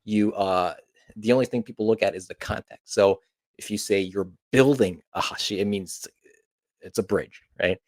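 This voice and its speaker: A man's voice: on the low side, moderate pace, no room sound. A man from Kyushu, teaching a casual online language lesson as a teacher in a laid-back, chatty way with joking asides. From Kyushu, Japan. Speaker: Japanese teacher.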